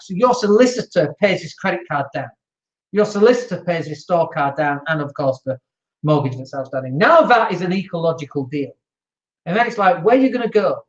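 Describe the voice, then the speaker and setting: Animated man, roomy dull sound. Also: fairly high pitch. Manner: animated, blunt, swears freely, acts out quoted people. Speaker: property business host. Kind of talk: casual motivational talk.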